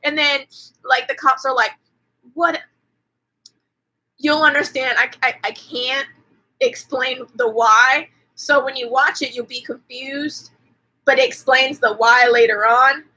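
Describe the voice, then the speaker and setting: A woman's voice: high voice, steady tone, measured pace, long pauses, pushed and bright, low-quality recording. A woman hosting a casual live movie recap, chatty and profane, with lots of "like" fillers. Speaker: host.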